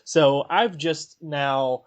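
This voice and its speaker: A man's voice: on the high side, drawn-out words. Male podcast host stammering through a Skype call. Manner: stammering restarts, self-deprecating laughs. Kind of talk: casual chat. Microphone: Skype call from laptop.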